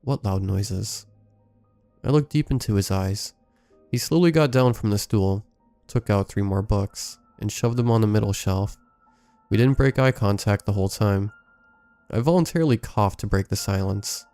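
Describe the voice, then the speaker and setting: A man reading a first-person scary story aloud in a measured, scripted storytelling delivery. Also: lowish voice, dark tone, clean tone, no echo, soft background music. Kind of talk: scripted horror story narration.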